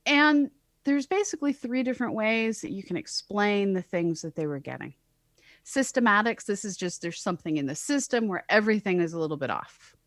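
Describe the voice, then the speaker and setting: A woman's voice: mid-range voice, sing-song, fairly quick, no room sound, studio quality. A woman co-hosting a casual science podcast as an astronomer, explaining with wry, sarcastic asides. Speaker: co-host, astronomer.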